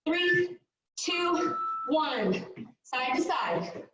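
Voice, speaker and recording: Woman fitness coach, breathless, upbeat countdowns, high voice, dull lo-fi sound. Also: sing-song, extremely slow, very echoey, distant mic, heavy background noise. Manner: upbeat, counting down reps while exercising. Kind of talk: live workout instruction.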